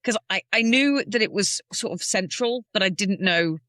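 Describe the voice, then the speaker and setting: Woman cohost jumping in with chatty opinions, bright sharp tone, dry sound. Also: medium pitch, normal speed, no room sound. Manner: chatty, emphatic asides. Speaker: podcast co-host. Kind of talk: casual chat.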